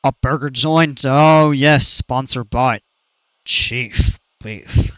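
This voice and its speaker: Slow laid-back male streamer on a headset. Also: medium pitch, fairly even intonation, a bit bright, dry recording. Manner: laid-back, chuckles often, trails off mid-sentence. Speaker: game streamer. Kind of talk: casual live-stream chat.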